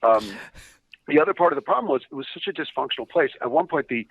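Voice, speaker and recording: A man, a podcast guest, telling animated, profane stories with laughing asides, in a dull lo-fi recording. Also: a little high, fast, dry recording. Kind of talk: casual storytelling.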